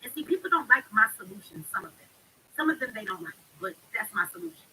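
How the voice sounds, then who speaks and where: A woman's voice: on the high side, sing-song, fast, pushed and bright, a little hiss or hum, rough recording. A woman hosting a live stream, talking bluntly and emphatically in a heated monologue. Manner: blunt, emphatic, speaks with heavy profanity.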